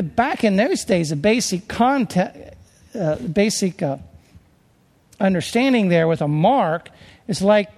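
A high-pitched man delivers a sermon in a loose, conversational way, stopping to restart and search for words. His voice carries a long hall reverb. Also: a little mellow. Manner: rambling, conversational, with many restarts and fillers. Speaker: preacher.

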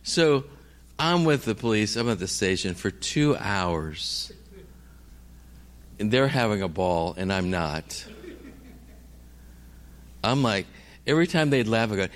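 A man's voice: lowish voice, animated, takes it slowly, pauses often. A middle-aged man, a missionary preacher, telling a story in a sermon and acting out every voice in it.

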